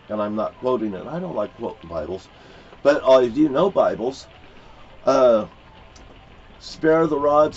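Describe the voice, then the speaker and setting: A man's voice: mid-range voice, a little mellow. An older man ranting in a blunt, profane, rambling monologue, cursing often and pressing his points hard. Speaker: vlogger. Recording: dull lo-fi sound with faint background hiss.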